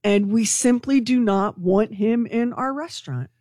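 A woman co-hosting a morning radio show, telling a news story to her co-hosts in an excitable, gossipy way. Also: a little high, measured pace, no echo. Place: radio studio.

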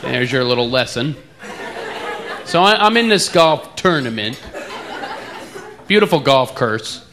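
East Coast comic over a roaring crowd. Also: male voice, mid-range voice, animated, measured pace, long pauses. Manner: joking about his own accent. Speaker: stand-up comedian. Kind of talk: stand-up routine. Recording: loud laughing crowd, noisy club.

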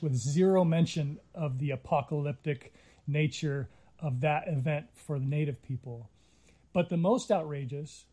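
Earnest middle-aged man, mellow voice. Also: fairly high pitch. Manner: earnest, reflective, with frequent restarts. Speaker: interviewee, Native filmmaker. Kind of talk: conversational storytelling interview.

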